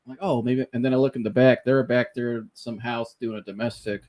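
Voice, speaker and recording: A man hosting a podcast, telling a funny story in a casual, animated way, laughing often and mimicking the people he quotes. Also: mid-range voice, fairly quick. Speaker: podcast host.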